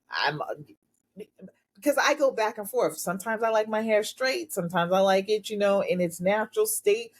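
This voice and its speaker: A middle-aged woman co-hosting a podcast with a notably low voice. She talks in a measured, reflective manner and speaks candidly about her own habits. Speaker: podcast co-host. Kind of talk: casual chat.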